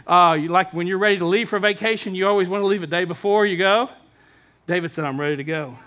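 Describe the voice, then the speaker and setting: A man preaching a sermon as pastor, lively and humorous, with asides to the congregation. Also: high-pitched, fast.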